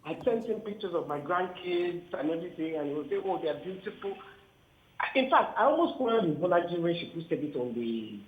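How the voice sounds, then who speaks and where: A woman's voice: lowish voice, fairly quick. Older woman on a dull phone line. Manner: emotional, lively tribute. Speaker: phone-in guest. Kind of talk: casual chat. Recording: roomy, dull phone line with faint ambience.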